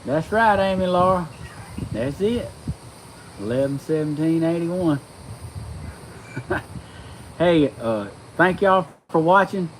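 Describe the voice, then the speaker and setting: A man, chatting casually with viewers on a live stream, folksy and excitable. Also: fairly high pitch, slow, long pauses, slight background noise, low-quality recording. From Georgia, US. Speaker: livestream host.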